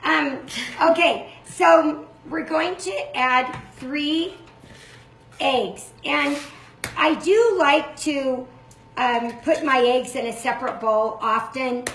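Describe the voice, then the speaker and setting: An older woman hosting a cooking demonstration, chatty and quick to explain each step. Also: high voice, a bit bright, roomy sound. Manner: chatty, self-described fast talker. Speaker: cooking show host.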